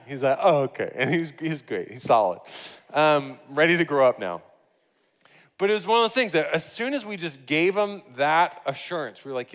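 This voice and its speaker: A man in his thirties preaches from the pulpit, telling a story with animated energy and the odd laugh. His voice sits a little high for a man. The sound carries a long reverb. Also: moderate pace. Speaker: pastor. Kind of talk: sermon.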